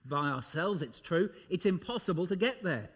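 A man preaching a sermon, emphatic, swinging his voice up and dropping it low for effect, with frequent ums and uhs. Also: expressive, moderate pace, a bit bright, husky.

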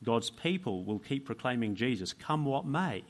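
A man's voice: mid-range voice, big pitch swings, moderate pace. A man preaching a sermon, emphatic, asking rhetorical questions and repeating key phrases for weight.

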